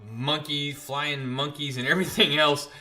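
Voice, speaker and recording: A man chatting casually as he recaps comic book issues, telling the story in an animated way. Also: a little high, normal speed.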